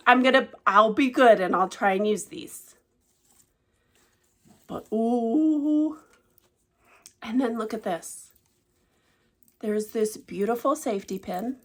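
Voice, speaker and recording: A woman vlogging casually about cross-stitch gifts, gushing and emotional, often dropping to a hushed, delighted voice. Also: a little high. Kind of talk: casual show-and-tell vlog.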